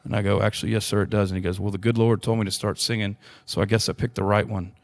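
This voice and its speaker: A man's voice: on the low side, little pitch movement, fast talker. A young adult man, earnestly telling a long personal story in a podcast interview, with frequent restarts. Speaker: interview guest.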